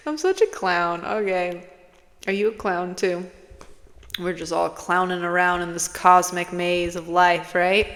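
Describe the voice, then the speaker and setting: A woman's low-side, slightly bright voice comes at a measured pace as she vlogs casually as a spiritual channeler. Rambling, profane and playful, she drifts into whispers now and then, and the sound carries a long hall-like reverb.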